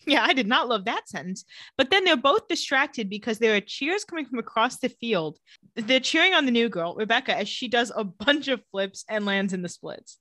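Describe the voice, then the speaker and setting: A woman's voice: on the high side, animated, normal speed, pushed and bright, dry recording, studio quality. Wry, chatty woman recapping a show. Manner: chatty, wry, acts out quotes. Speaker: podcast co-host. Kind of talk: casual TV episode recap chat.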